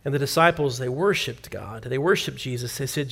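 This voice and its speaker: A man preaching a sermon, telling a story in an animated way and acting out the quoted lines. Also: medium pitch, brisk, gravelly, husky. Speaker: pastor.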